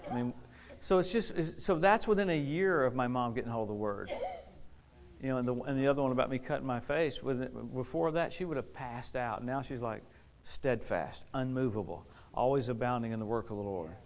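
A man preaching a lively sermon to a responding congregation, exuberant, laughing often and repeating key phrases for emphasis. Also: mid-range voice, brisk. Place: church service with a responding congregation.

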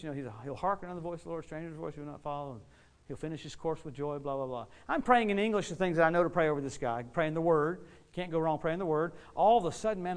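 A man preaches in a storytelling style, his voice sitting a little high for a man. He is lively and folksy. He repeats words and restarts when he gets excited. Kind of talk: storytelling sermon.

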